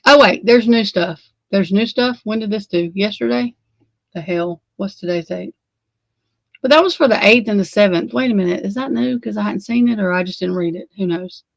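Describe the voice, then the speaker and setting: A woman hosts a casual true crime livestream, sleepy and yawning, rambling to her chat and swearing out of exasperation. Her mid-range voice is creaky, at a moderate pace, with no echo.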